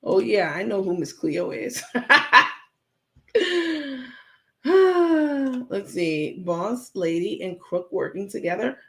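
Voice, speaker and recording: A woman's voice: mid-range voice, sing-song, extremely slow, long pauses, a bit bright. A woman hosting a casual livestream from home, reading viewer comments aloud and answering them in a frank, chatty way, talking straight to her viewers. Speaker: livestream host.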